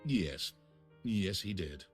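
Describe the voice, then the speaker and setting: A man narrating a video game in a dry, deadpan scripted delivery. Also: low-pitched, slow pace, soft background music.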